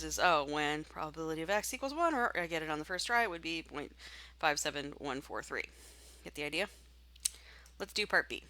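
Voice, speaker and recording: A woman teaching statistics by talking through a software tutorial, chatty and thinking aloud as she clicks. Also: lowish voice, dry recording. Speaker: statistics instructor. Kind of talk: screen-recorded software tutorial.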